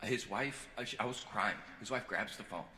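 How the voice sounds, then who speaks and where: A man doing a stand-up comedy set, self-mocking and rambling, moving from hushed sincere talk to loud punchlines. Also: lowish voice, normal speed. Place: large venue with live audience. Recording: echoey hall with crowd noise.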